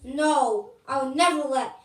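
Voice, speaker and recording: A young performer voicing a big, mean cat villain who gloats slowly and mocks its prey. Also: high-pitched, roomy sound, recorded from a distance. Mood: gloating.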